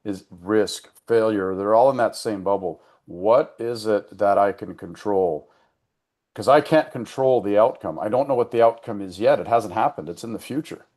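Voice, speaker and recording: A man giving a casual, earnest talk to a business group, often slowing down to stress a point. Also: lowish voice, a little mellow. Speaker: member giving an education segment.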